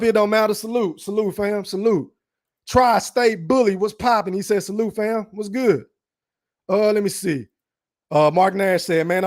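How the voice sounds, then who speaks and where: A young man hosting a live stream in casual chat, animated and profane, reading shout-outs from the chat. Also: sits high. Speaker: podcast host streaming live.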